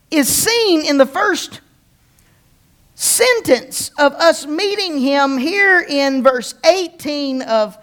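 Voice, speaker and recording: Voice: high-pitched, fairly bright tone. A pastor preaching a conversational sermon, often repeating words and restarting, and asking the congregation questions.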